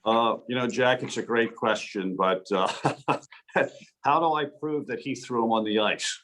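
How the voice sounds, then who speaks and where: A man, a hockey referee as guest speaker, telling animated anecdotes with frequent restarts over a video call. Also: mid-range voice, a little slow. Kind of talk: storytelling presentation.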